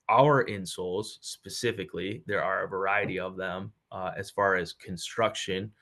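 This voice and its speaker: A man's voice: lowish voice, fairly bright tone. A man co-hosting a podcast, casually explaining how a product works, with frequent "uh" and "um" fillers.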